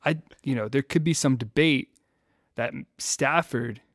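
A man hosting a casual sports podcast who tells stories in an animated way. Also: mid-range voice, unhurried, dry recording, studio quality.

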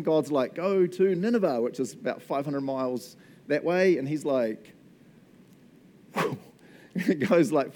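A man's voice: mid-range voice, a little mellow. A man with a New Zealand accent preaching a sermon in a jokey manner, laughing often. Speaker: pastor.

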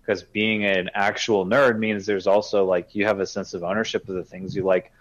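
A man's voice: fairly low pitch, flat delivery, moderate pace, muffled recording. A young man chatting casually as a podcast co-host, telling a rambling anecdote full of fillers and asides. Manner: rambling anecdotal storytelling with lots of fillers and laughs. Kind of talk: casual chat.

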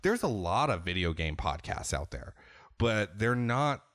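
A young man co-hosting a podcast, telling stories in a lively, casual way and swearing freely. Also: fairly low pitch, a little slow, no room sound, clean studio sound. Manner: animated storyteller, swears freely. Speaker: podcast co-host. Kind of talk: casual chat.

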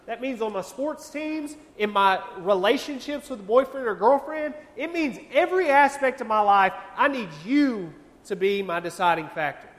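Earnest high-voiced young man preaching. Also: animated, moderate pace, hardly any pauses. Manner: earnest, conversational preaching with repeated rhetorical questions. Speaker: youth pastor. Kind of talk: sermon. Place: church hall. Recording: long church-hall reverb.

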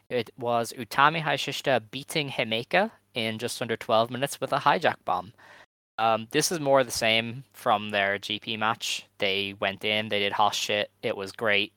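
A man's voice: mid-range voice, pushed and bright, smooth, dry recording. A man co-hosting a wrestling podcast, chatting casually and giving opinionated run-downs of results. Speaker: podcast co-host. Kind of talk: casual chat.

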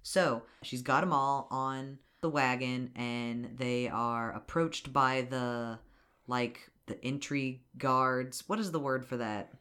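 A podcast host recapping a movie in a chatty, animated way, swearing freely. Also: mid-range voice, takes it slowly.

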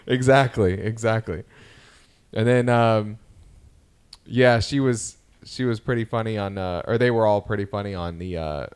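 A man in his thirties, co-hosting a podcast, relays family anecdotes in a relaxed conversation, animatedly voicing his kids' remarks. His voice is fairly low and smooth, at a moderate pace.

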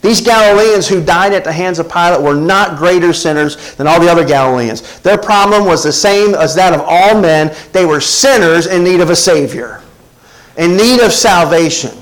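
A man's voice: sits high, normal speed, rough recording. A man, preaching a sermon and often checking in with his congregation. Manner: preaching with call-and-response asides to the congregation. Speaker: pastor.

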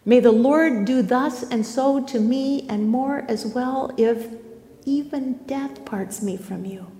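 A woman reading the part of a devoted young woman who slowly and solemnly vows loyalty to her mother-in-law. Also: fairly high pitch, dark tone. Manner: slow, solemn vow. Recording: echoey hall.

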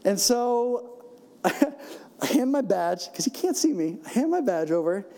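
A man preaching in the style of lively storytelling, laughing often and acting out the voices of people in his stories. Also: sits high, measured pace. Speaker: church speaker. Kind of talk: sermon storytelling.

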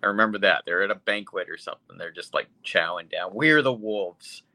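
Bright-voiced blunt podcast guy. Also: fairly low pitch, brisk. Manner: blunt, profane and rambling. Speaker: podcast co-host. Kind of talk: casual chat reviewing movies.

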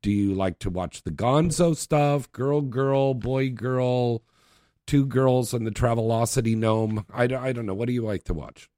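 A man's voice: mid-range voice, a little slow, mellow, dry recording, clean studio sound. A man hosting a late-night talk radio show, chatty, brash and joking with callers.

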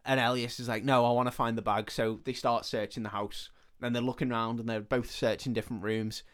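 A man's voice: mid-range voice, little pitch movement, a little fast, fairly bright tone, clear, resonant tone. A man, a podcast host casually retelling a film's plot and acting out the characters' lines. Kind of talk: casual film recap chat.

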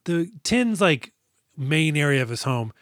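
A man's voice: a little high, big pitch swings, measured pace, a bit bright, no echo, clean studio sound. A man co-hosting a movie podcast, recapping scenes with sarcastic, profane jokes in a casual chat. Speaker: podcast co-host.

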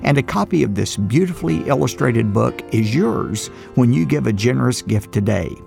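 A man's voice: mid-range voice, lively intonation, gravelly. A man delivering an earnest scripted closing appeal as a radio program host at a studio mic. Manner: earnest, measured. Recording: music bed with guitar.

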